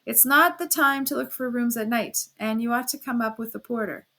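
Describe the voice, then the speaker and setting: A woman's voice: fairly high pitch, normal speed, sharp tone, voice pushed up. A woman voicing an uneasy, wary older male workman who raises his voice.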